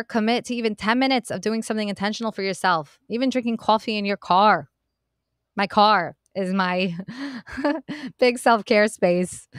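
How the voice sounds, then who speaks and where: A woman's voice: medium pitch, clean tone, dry recording, studio quality. A woman hosting a self-help podcast, talking earnestly and encouragingly to her listeners in a casual, direct way. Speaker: podcast host. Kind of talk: motivational self-help talk.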